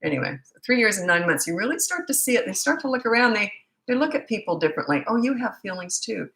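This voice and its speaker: A woman's voice: medium pitch, big pitch swings, fast talker, fairly bright tone, echoey room. A middle-aged woman coaching parents in a rambling, chatty live Q&A with many asides. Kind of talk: casual live Q&A.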